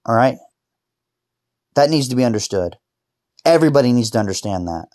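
A man lying in bed telling a painful personal story, halting and restarting, swearing and rising into angry outbursts. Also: mid-range voice, lively intonation, darkish tone, no room sound, clean studio sound.

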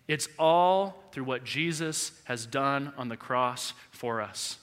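A male pastor in his thirties preaching a sermon in a large church, telling a personal story with animated, heartfelt delivery. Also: medium pitch, a little slow, few pauses. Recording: echoey church hall reverb.

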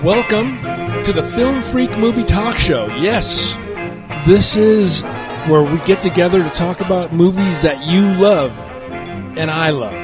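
A man's voice: sits high, measured pace, over music. A man hosting a radio movie talk show, chatty and enthusiastic, laughing easily as he talks films. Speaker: radio show host and film reviewer.

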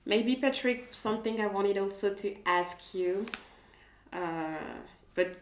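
A woman hosting a casual podcast interview, asking her guests questions in an expressive way. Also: mid-range voice, slow, reverberant, a little hiss or hum.

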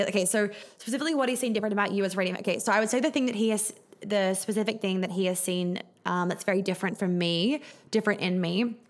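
A young woman hosting a podcast, chatting casually through viewer questions, with lots of fillers and swearing. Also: medium pitch. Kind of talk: casual live Q&A chat.

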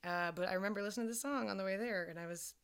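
A woman's voice: mid-range voice, very fast, fairly bright tone, clean tone. A young woman from Georgia co-hosting a podcast in casual, rambling chat full of fillers. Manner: rambling, filler-heavy, laughs easily. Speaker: podcast co-host.

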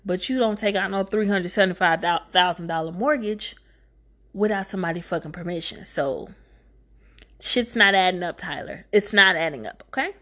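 Profane, animated woman recapping a movie. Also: normal speed. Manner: animated, profane, jumps into high exclaiming outbursts.

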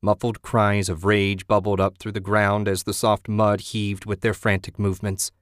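A man reading a horror story aloud in a steady, grim voice. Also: lowish voice, normal speed, few pauses, dry recording, studio quality.

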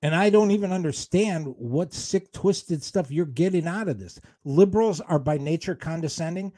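A male talk show co-host in a heated on-air argument, defensive and combative, breaking into fast rants. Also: fairly high pitch, dark tone, no room sound.

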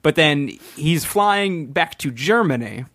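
Jokey podcast guy rambling on, kinda high voice, dry mic. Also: lively intonation, slow pace, a bit bright, no echo. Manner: rambling, jokey, many fillers and restarts. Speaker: podcast co-host. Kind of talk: casual comedic chat.

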